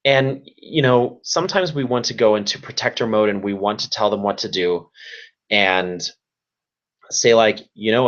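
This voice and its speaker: A man's voice: lowish voice, normal speed, fairly bright tone, highs cut off. A man who works as a youth service provider, giving a webinar talk in an earnest, repetitive way and offering practical tips. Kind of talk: webinar presentation.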